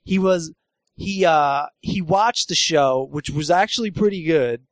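A comedian hosting a podcast, telling road stories in casual chat, acting out voices, laughing often and swearing freely. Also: male voice, a little high, unhurried, no room sound. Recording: dry close mic.

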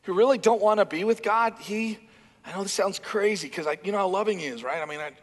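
A man preaching a sermon in a church hall, animated and emphatic, acting out bits of dialogue. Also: high-pitched, fast. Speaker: pastor.

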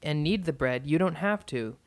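A podcast host in casual chat, deadpan and whimsical, given to playful tangents. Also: medium pitch, normal speed.

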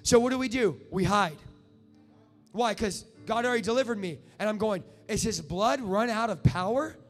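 An impassioned male preacher with a very high voice, his words ringing out through a big echoing hall. Faint music plays underneath as he presses and climbs toward shouts. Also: normal speed. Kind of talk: sermon.

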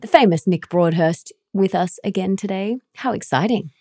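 A woman's voice: medium pitch, normal speed, warm tone, no echo, clean studio sound. A woman hosting a podcast with her husband, teasing him playfully and laughing as she chats. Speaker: podcast host. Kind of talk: casual podcast chat.

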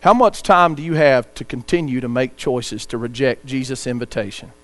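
A man's voice: mid-range voice, normal speed, fairly bright tone. A man preaching a sermon, earnest, reading scripture aloud and telling a story to the congregation.

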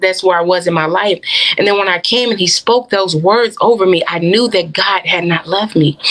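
A woman's voice: medium pitch, a bit bright. A young adult woman minister sharing her personal faith testimony in an interview, earnest and heartfelt, with many fillers.

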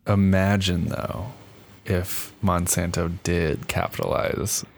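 A man's voice: little pitch movement, slow pace, creaky. A man co-hosting a comedy podcast, telling odd facts in a jokey, profane way. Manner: jokey, swears often, jumps into high-pitched impressions. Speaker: podcast co-host. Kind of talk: casual comedic chat.

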